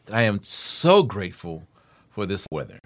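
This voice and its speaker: A man hosting a podcast in a relaxed, joking conversation. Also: lowish voice, normal speed. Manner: chatty, joking, storytelling asides. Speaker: podcast host. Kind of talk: casual chat.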